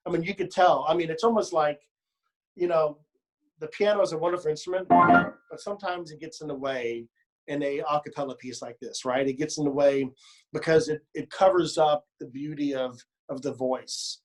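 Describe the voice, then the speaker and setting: A man's voice: a little high, moderate pace. A man leading a choir rehearsal, coaching pronunciation and word stress, modeling phrases by speaking and singing them, with playful joking asides. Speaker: choir director. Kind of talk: choral rehearsal instruction.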